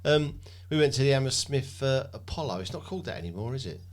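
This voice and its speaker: An English man co-hosting a podcast, chatting in a relaxed, reminiscing way. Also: medium pitch, quick pace. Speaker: podcast co-host. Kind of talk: casual chat.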